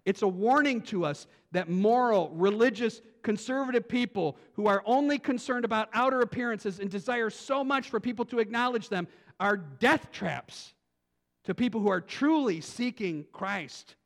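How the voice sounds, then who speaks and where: A male pastor preaching a sermon, animated, swinging from quiet thinking-aloud asides to loud emphatic lines. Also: sits high, normal speed. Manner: repeats words and restarts as he thinks aloud.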